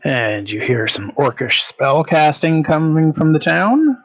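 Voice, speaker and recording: A man's voice: a little high, sing-song, measured pace. A man running a tabletop game as game master, narrating with many filler sounds.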